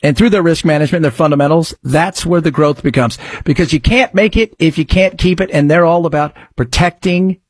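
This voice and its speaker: Husky male radio talk host. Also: a little high. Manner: rambling, conversational, quick ad patter. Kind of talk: radio talk commentary and live ad reads.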